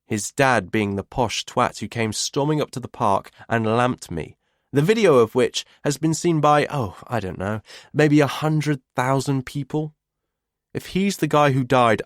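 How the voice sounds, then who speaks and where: A man's voice: medium pitch, measured pace, no room sound. Dry, wry male audiobook narrator. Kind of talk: first-person audiobook narration.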